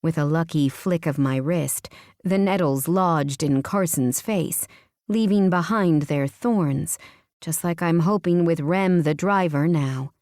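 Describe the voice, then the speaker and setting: A woman with a slightly low voice reads a romance audiobook in first person. Her telling is breathless and emotional, recorded close and dry. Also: a little slow, a little mellow, dry recording. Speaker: audiobook narrator.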